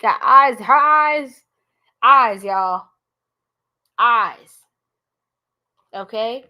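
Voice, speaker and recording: Blunt, animated tarot reader woman. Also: on the high side, very slow. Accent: New York. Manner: blunt, animated, talks straight to viewers. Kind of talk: live tarot reading.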